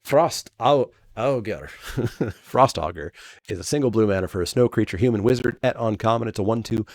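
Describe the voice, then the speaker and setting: A man's voice: on the low side, normal speed, darkish tone, no room sound. A man reviewing cards in a casual, chatty way, loose with fillers and self-corrections, laughing at his own remarks. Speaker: card game reviewer. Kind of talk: casual draft set review.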